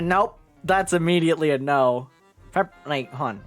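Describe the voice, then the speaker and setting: A woman's voice: low voice, animated, faint music behind. A young woman streaming a game live, chatting casually, swearing and poking fun at herself. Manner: chatty, swearing, self-mocking, quick laughs.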